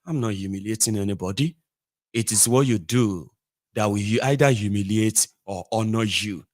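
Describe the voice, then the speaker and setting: A man's voice: lowish voice, normal speed, darkish tone. A man with a Nigerian accent hosting a casual call-in talk show, talking animatedly and dropping into Pidgin asides. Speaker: show host. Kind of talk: casual chat.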